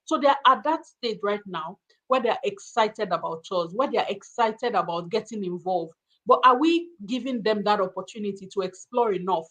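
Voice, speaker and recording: A woman from Africa hosting a casual interview, asking her guest questions in an animated way. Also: mid-range voice, normal speed. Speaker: host.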